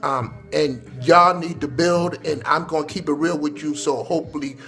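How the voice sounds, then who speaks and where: A man's voice: fairly high pitch, fairly even intonation, normal speed, fairly bright tone. A man with a son, talking straight to young people in an earnest, preachy way that turns emotional, often repeating words and phrases. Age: adult with a son. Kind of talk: earnest direct-to-camera address.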